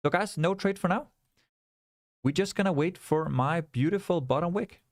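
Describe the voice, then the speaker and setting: A man hosting a live trading stream, talking viewers through a chart with animated, coaxing commentary and repeated rhetorical questions. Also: fairly high pitch, moderate pace, dry recording, studio quality. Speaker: livestream trading host.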